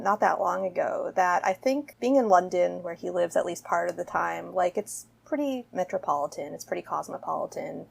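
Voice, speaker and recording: A woman co-hosting a podcast in casual chat, measured and analytical, with dry asides. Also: on the low side, vocal fry, darkish tone. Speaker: podcast co-host.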